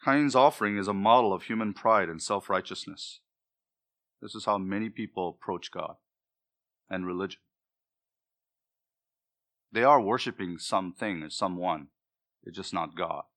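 Bright-voiced male preacher, emphatic. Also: low-pitched, moderate pace, pauses often. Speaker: pastor. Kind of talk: sermon.

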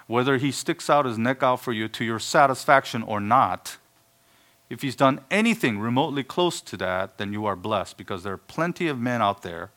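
A man preaching a sermon, stressing words loudly and then dropping to quiet asides. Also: medium pitch. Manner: emphatic, swings between hushed asides and loud stressed words.

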